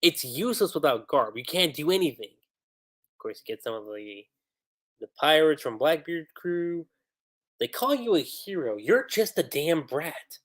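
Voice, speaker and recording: Animated man comparing manga translations. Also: on the high side, a little slow. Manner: reads character lines aloud with animated emphasis. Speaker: anime and manga commentator. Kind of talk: livestream commentary reading translations aloud.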